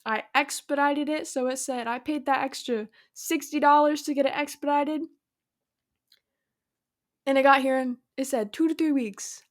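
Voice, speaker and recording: A young adult woman hosting a solo podcast, talking casually and upbeat about spirituality and surrender, acting out imagined conversations. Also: high-pitched. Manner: upbeat, spiritual, talks through imagined dialogues. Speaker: podcast host.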